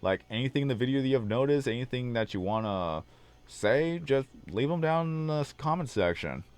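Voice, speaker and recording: A man with a low baritone voice hosting a casual livestream chat, slightly hoarse and rambling on long tangents. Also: lively intonation, brisk. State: slightly hoarse, losing his voice. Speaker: livestream host. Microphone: desk microphone.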